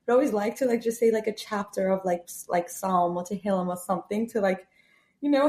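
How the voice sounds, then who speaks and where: A woman's voice: medium pitch, fast talker, a little mellow. A woman talking as a guest on a podcast, chatty and full of filler words. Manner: chatty, heavy use of "like". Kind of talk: casual podcast interview.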